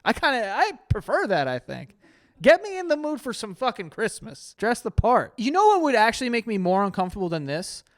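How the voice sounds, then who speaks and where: A man's voice: sits high, huge pitch swings, fairly quick. A man reacting to dating advice in a loose, crude, joking way, often laughing and doing mock voices. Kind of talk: casual reaction commentary.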